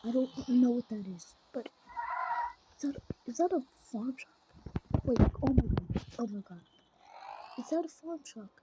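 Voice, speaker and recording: A woman commentating a farm game in a put-on Kentucky accent, chatty and excitable, dropping into whispers now and then. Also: a little high, measured pace, pauses often, dull audio, heavy background noise. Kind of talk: playing a farm game with role-play commentary.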